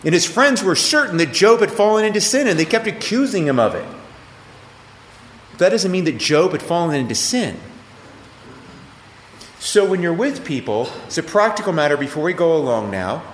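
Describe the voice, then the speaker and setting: A middle-aged pastor preaches to a class in a lively, conversational way, his pitch rising and falling freely as he asks questions of the room. His voice sits a little high for a man. It rings with the long echo of a hall. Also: moderate pace, pauses often, slight background noise. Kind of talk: interactive sermon teaching. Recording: echoey hall, faint ambience.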